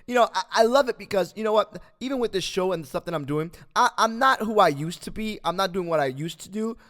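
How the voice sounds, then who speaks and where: A man hosting a podcast, telling a Bible story as a motivational talk, with lots of fillers and animated asides. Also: high voice, fast. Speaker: podcast host. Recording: long echoing reverb.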